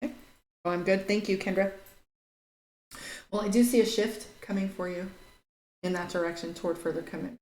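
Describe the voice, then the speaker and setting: A woman's voice: medium pitch, steady tone, fairly quick, pauses often, darkish tone. A woman giving casual live tarot readings, chatty and blunt, reading out viewer comments and swearing now and then. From Irish heritage. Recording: echoey room with faint noise.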